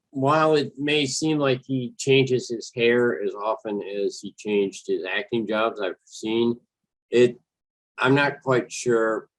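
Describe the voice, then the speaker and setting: A man hosts a casual solo podcast, moving slowly and deliberately. He keeps pausing on fillers and correcting himself mid-sentence. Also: medium pitch, poor audio. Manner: hesitant, full of fillers and self-corrections. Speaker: podcast host.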